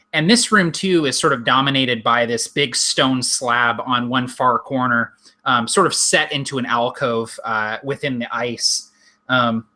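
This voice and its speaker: A man with a bright, forceful voice narrates as the game master. He lays out scenes in loose, descriptive detail and fills pauses with ums and self-corrections. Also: mid-range voice. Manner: descriptive, many ums and restarts.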